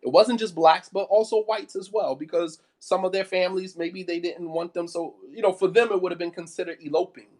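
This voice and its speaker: A man's voice: sits high, steady tone, a little fast, few pauses, a little mellow. A man giving an impassioned sermon, firing off rhetorical questions and repeating phrases for emphasis. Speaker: preacher.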